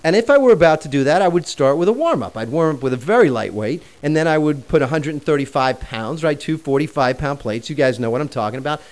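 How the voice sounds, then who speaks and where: A man's voice: a little high, lively intonation, fast talker, hardly any pauses. A man in his forties telling a personal story in a conversational way while teaching a self-help lesson. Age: 40s.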